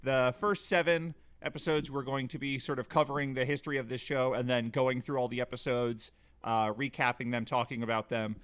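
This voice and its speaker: A man co-hosting a podcast, talking casually in a measured way with jokey interjections. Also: mid-range voice, steady tone, a bit bright, clean tone. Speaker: podcast co-host. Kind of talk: casual chat.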